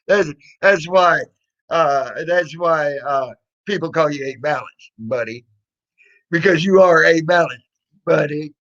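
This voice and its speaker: Brief: sarcastic ranting man, high voice, slow drawl, dull lo-fi audio. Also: fairly bright tone. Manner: mocking, sarcastic, laughs often, swears. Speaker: streamer responding to trolls. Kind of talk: casual ranting livestream.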